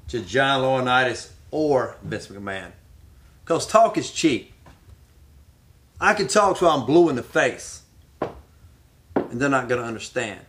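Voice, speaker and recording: A man's voice: fairly high pitch, a bit bright. A man who is an aspiring pro wrestler answers interview questions in an emphatic, fired-up, determined way.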